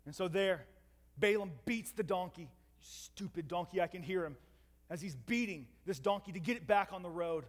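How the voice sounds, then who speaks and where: A man with a high, animated voice preaches a storytelling sermon at a moderate pace, dramatically retelling a scripture story and making asides to his listeners. The recording carries a long hall reverb.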